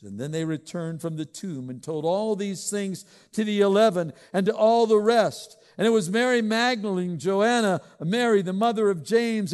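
A man's voice: high-pitched, darkish tone, big-room sound. A man preaching a sermon in a conversational, joking way, asking the congregation questions. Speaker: pastor.

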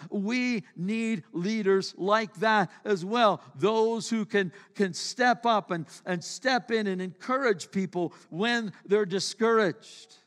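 High-voiced man preaching a sermon. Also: big-room sound. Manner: earnest, repeats words, acts out short dialogues. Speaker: pastor.

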